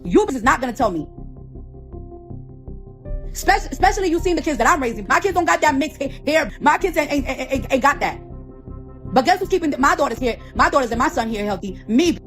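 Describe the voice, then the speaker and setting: A woman's voice: high-pitched, animated, fairly quick, soft background music. A woman ranting off the cuff as the founder of a hair product, profane and confrontational, repeating phrases over and over. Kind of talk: heated off-the-cuff rant.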